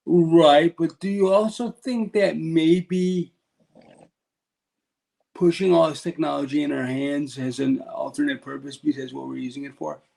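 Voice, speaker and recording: A man's voice: fairly high pitch, steady tone, unhurried, gravelly, a little mellow, poor audio. A man with a New York accent co-hosting a podcast, musing in casual chat. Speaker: podcast co-host.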